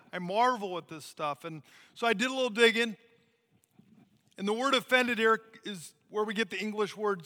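An American man preaching a sermon as a missionary, in an animated, conversational way. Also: sits high, in a large hall. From United States.

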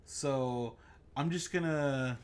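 A man's voice: medium pitch, takes it slowly, smooth. A man hosting a casual podcast, joking through a mock ad read and rambling chat. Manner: jokey, rambling, mock ad reads. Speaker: podcast host. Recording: remote call, own mic.

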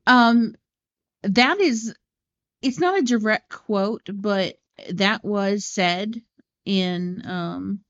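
A woman co-hosting a casual movie podcast, swearing freely and going off on animated tangents. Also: medium pitch, extremely slow, long pauses, muffled recording. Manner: profane, tangent-prone, animated. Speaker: podcast co-host.

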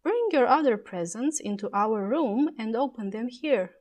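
A woman voicing a kind, gentle mother in a storybook reading, speaking in a coaxing, motherly way. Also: a little high, animated, unhurried.

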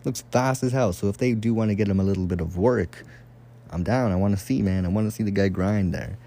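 A young man talks fantasy football picks on his own, cursing freely and rambling as he gets worked up. His voice sits a bit low and sounds mellow and dark. He jumps between excited bursts and offhand asides. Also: a little fast. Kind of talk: casual solo commentary.

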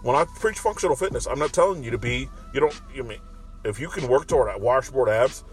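A man's voice: mid-range voice, expressive, fast. Guy rambling and cussing in his parked car, everyday voice, bit of music under it. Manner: profane, rambling. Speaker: commentary vlogger. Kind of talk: casual monologue. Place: parking garage with construction nearby.

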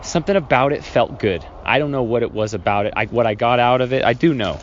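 A man's voice: quick pace, slight background noise. Rambling male podcast host, dull lo-fi sound. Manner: rambling, self-correcting, acts out childhood scenes with raised pitch. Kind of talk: reflective solo podcast storytelling.

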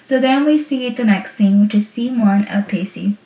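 A woman's voice: medium pitch, moderate pace, dark tone. A young woman chatting casually as she recaps a TV episode, laughing often and using many fillers. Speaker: show recapper. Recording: roomy, distant, dull lo-fi sound.

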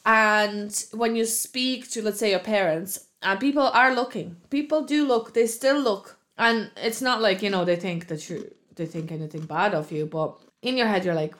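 A woman's voice: medium pitch, moderate pace, few pauses, a bit bright. Blunt woman, Russian speaker. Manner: blunt, swears, laughs easily. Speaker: podcast co-host. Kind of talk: casual chat.

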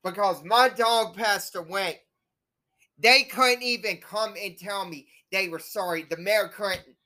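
Her voice is medium in pitch, pushed and bright, and she keeps a measured pace. She's a young woman running a home-made show, repeating herself through a bitter, profane rant to her audience.

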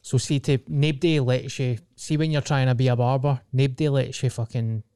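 A man's voice: mid-range voice, steady tone, fairly quick, dark tone, clean tone, dry recording, studio quality. A young Scottish man telling rambling, sweary stories in a casual podcast chat. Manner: rambling, sweary storytelling with frequent restarts.

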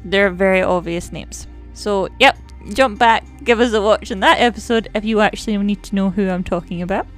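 A woman's voice: medium pitch, normal speed, hardly any pauses, faint music behind. A woman, co-hosting a casual podcast chat about a TV series in a playful, teasing way. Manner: playful, teasing, laughs often. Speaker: podcast co-host.

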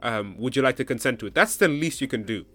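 A man's voice: mid-range voice, expressive, fast talker, fairly bright tone, faint music behind. A man hosting a casual podcast chat, reading out a news story and insisting his friends listen. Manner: reads news articles aloud to friends. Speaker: podcast host.

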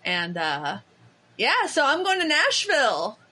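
A woman podcast co-host in casual chat, telling stories in a lively, animated way with quick asides. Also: high-pitched.

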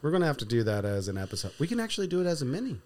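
A man's voice: medium pitch, rapid-fire. A man hosting a podcast, steering segments in playful casual chat. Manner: runs the segments, lively and playful. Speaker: podcast host.

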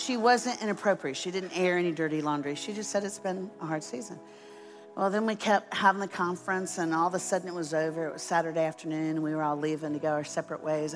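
Low-voiced woman telling a sermon story. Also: a bit bright. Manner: humorous, self-deprecating storyteller who acts out quotes. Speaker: guest speaker at a church.

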